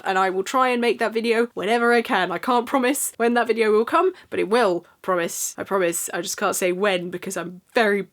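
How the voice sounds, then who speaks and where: Young woman, YouTuber, mid-range voice, casual chatty vlog read with giggles and rambling asides. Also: medium pitch.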